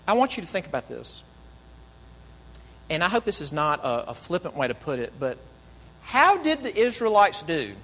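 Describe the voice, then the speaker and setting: A man preaching a sermon in an animated way, acting out quoted speakers and dropping to soft, low tones. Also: big-room sound, rough recording. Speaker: pastor.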